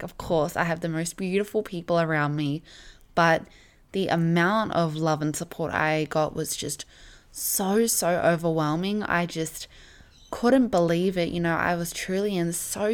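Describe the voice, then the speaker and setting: A young woman hosting her own podcast, chatting in a warm, gushing and heartfelt way, full of casual fillers. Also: lowish voice, smooth. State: emotional, near tears at times. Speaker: podcast host. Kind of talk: casual solo podcast chat.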